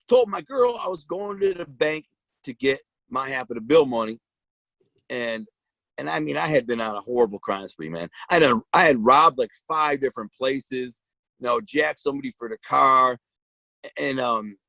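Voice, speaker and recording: Gravelly man telling a blunt street story. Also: medium pitch, fairly bright tone, no room sound, rough recording. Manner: blunt street talk with slang and restarts. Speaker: guest telling his life story. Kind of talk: casual storytelling.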